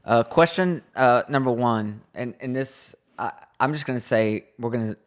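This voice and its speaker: A man's voice: medium pitch, moderate pace. A man in his thirties co-hosting a podcast with his wife, talking earnestly in a loose, rambling way with many restarts. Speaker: podcast co-host. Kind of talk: casual podcast chat.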